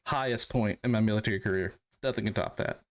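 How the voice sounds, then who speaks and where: A man's voice: fast, gravelly. Profane veteran man telling army stories. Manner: animated, profane, acts out quotes in loud high voices. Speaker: podcast guest, army veteran. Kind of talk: casual storytelling.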